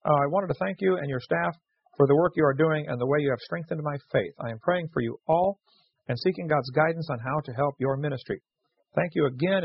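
A man's voice: a little high, gravelly, slightly rough, no room sound. A man hosting a radio show, reading listener letters aloud and telling jokey stories with frequent laughs. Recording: dull lo-fi radio recording.

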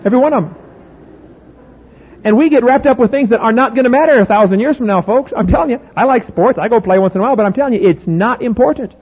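Middle-aged male preacher, high husky voice, folksy and emphatic, asks the crowd questions. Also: fast. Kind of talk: sermon. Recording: phone-like audio in a reverberant hall.

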